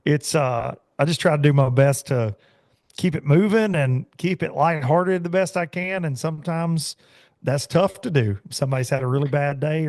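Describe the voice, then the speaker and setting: A man's voice: mid-range voice, darkish tone, no room sound. Guy on a podcast, joking around, mid voice, dead dry audio. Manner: easygoing, joking, chuckles often. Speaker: guest. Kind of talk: casual podcast chat.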